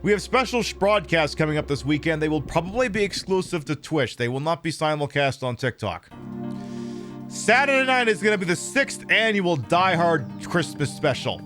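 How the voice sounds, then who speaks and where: Guy streaming games, rambly casual chat, voice jumps around a lot, faint music behind. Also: on the high side. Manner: rambling, animated, drops into quick impressions. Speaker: streamer host. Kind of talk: casual live-stream chat while gaming.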